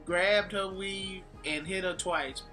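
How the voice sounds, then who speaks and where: A man's voice: sits high, takes it slowly. A man on a vlog telling a story in casual talk, acting out what people said and laughing often. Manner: animated, acts out quotes, laughs often. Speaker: vlogger recounting a fight. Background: faint background music.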